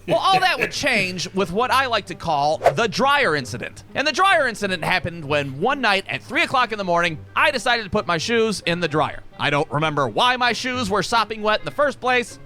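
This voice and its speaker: High, lively man telling a crude story. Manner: crude, animated, acts out voices. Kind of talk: comedic storytelling.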